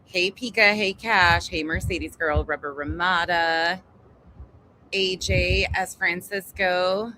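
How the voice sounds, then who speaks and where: Speaking slowly in a lowish, fairly even voice that is bright and forceful, a woman hosts a casual livestream from home. She chats, greets viewers one by one, and swears freely, with construction noise overhead and low-quality recording.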